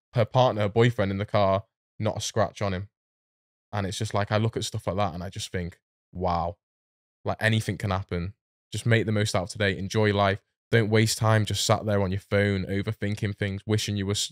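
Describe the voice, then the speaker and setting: A young Englishman speaks in a low, very even voice, earnest and motivational. His voice is smooth and clear. It sits close and dry at a studio mic. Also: no echo. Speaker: podcast guest. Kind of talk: reflective casual chat. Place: podcast studio.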